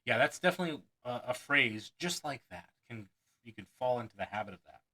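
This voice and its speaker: Bright-voiced man reading aloud with asides. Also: mid-range voice, expressive, brisk, low-quality recording. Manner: chuckles often, breaks off to add his own asides; acts out quoted lines with mock enthusiasm. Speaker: magician reading a magic book aloud.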